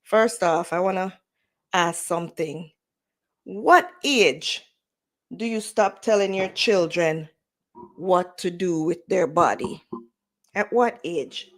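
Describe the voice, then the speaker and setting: A woman's voice: fairly low pitch, slow, pauses often. A Jamaican woman in her forties hosting a casual livestream chat, slipping into patois and laughing often. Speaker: livestream host.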